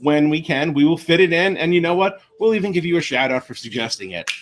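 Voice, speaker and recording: Jokey animated man podcast guest. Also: a little high, fast talker, soft background music. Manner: animated storyteller, jokey asides. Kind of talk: casual chat.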